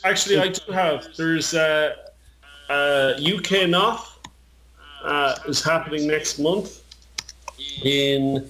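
A man's voice: fairly high pitch, takes it slowly, pauses often, pushed and bright, poor audio. A man from Ireland with an Irish accent, chatting casually on a podcast, rambling and joking with frequent restarts. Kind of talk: casual chat.

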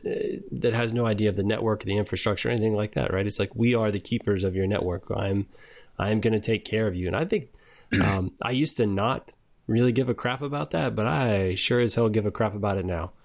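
A man with a fairly low voice talks shop as a network engineer. He is blunt and profane and drifts into tangents in casual chat. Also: fairly quick.

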